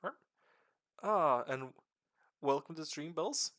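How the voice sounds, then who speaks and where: A man streaming live and explaining game lore to a friend in a casual, animated way with casual swearing. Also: fairly high pitch, slow pace, a little hiss or hum.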